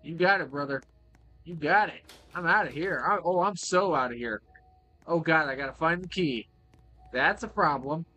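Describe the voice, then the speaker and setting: A man giving excitable, joking playthrough commentary, swearing freely as he plays. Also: fairly high pitch, moderate pace, soft background music. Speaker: gaming video creator.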